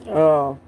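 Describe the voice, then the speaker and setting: A man's voice: darkish tone, slight background noise. A man from Alabama with a Southern accent, hosting a casual coin-collecting livestream, rambling, laughing and answering viewers' chat.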